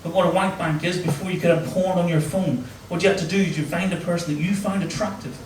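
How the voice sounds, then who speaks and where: A Northern Irish man delivers crude, audience-teasing stand-up in a high-pitched, fast voice with fairly even intonation. The comedy club recording is noisy and roomy, taken from a distance, with the crowd laughing.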